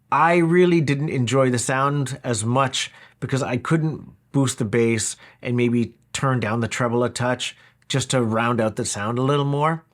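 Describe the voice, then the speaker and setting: A man talking through a product review in a casual, wry, conversational way. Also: medium pitch. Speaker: audio equipment reviewer.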